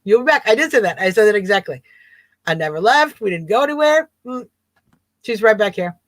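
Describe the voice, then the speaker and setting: Woman host, casual livestream chat, amused and rambling, mid pitch, dry sound. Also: expressive, a little fast, dry recording. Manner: chatty, amused, rambling with repeats.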